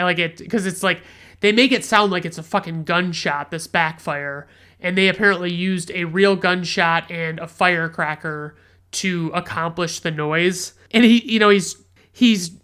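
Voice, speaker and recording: A man's voice: sits high, pushed and bright, clean tone. A man hosting a podcast, casually recapping a film in a rambling, profane, enthusiastic way. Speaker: podcast host, film reviewer.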